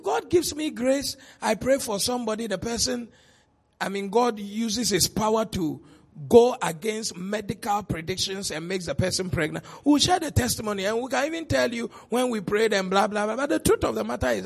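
A middle-aged man with a Ghanaian accent preaching a sermon as pastor, swinging between soft asides and shouted exclamations, laughing often. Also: high-pitched, lively intonation, moderate pace, creaky, breathy edge.

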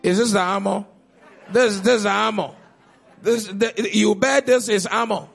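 A man preaching a sermon as pastor, with pointed rhetorical questions and sudden loud outbursts. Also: high-pitched, fairly even intonation, normal speed, vocal fry, husky, faint music behind.

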